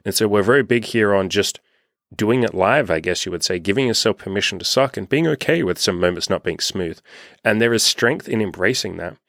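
Chill youngish guy coaching dating, lowish voice, swears a lot, dry close mic. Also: lively intonation, fairly quick, vocal fry, a bit bright, no room sound. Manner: loose and unscripted, swears freely, acts out quoted voices. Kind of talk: casual podcast monologue.

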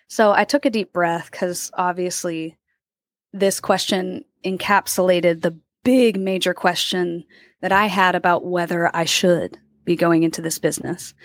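A woman's voice: lowish voice, no echo, clean studio sound. A woman in her twenties, a guest actor, telling stories in a casual interview, acting out the people she quotes and laughing often. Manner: animated storyteller, acts out quoted voices, laughs often.

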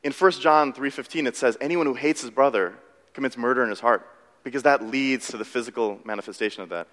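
A pastor delivers a sermon, telling stories in a lively, self-deprecating way with quick shifts in pitch. A long hall reverb hangs over the recording.

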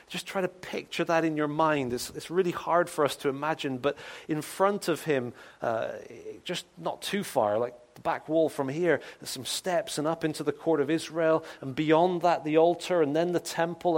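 Earnest preacher, casual and hushed. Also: male voice, on the high side. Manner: earnest, drops to soft hushed tones when voicing a penitent's prayer; casual, repeats words as he thinks aloud. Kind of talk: conversational sermon.

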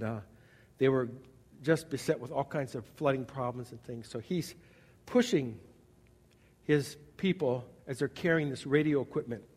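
A man preaching a sermon as pastor, animated, acting out little scenes and swinging from loud bursts to quiet asides. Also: a little high, slightly rough. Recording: long reverb of a large hall.

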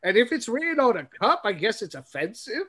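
A man from the West Coast telling stories in a casual podcast chat, animated and swearing. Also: sits high, fairly quick, husky. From West Coast, USA.

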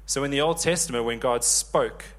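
A man in his thirties preaching a sermon, lively and joking with the congregation. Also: mid-range voice, normal speed. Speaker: pastor.

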